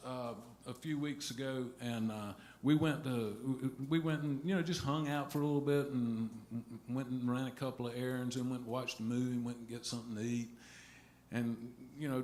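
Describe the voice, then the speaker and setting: A middle-aged man telling a halting, rambling story between songs at a live concert, restarting his sentences often. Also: mid-range voice, a little hiss or hum. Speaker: singer-songwriter on stage. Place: music venue stage. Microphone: stage vocal mic. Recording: roomy live venue sound.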